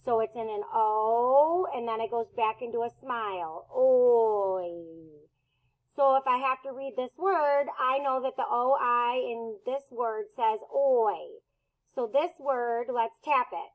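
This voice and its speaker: Slow, clear-spoken woman teacher. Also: fairly high pitch, fairly even intonation, rough recording. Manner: slow, clear, deliberate sounding-out of letters. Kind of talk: recorded phonics and reading lesson for young children.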